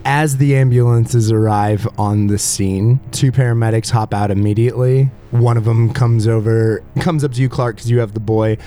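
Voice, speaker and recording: Guy gm'ing a tabletop game, mellow voice, pretty laid back. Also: lowish voice, normal speed, hardly any pauses, soft background music. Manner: relaxed, laughs easily. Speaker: game master.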